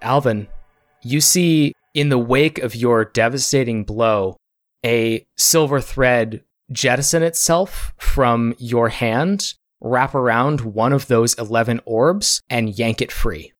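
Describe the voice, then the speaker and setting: Brief: male game master, steady descriptive narration, dry close recording. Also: medium pitch, slow pace, no room sound.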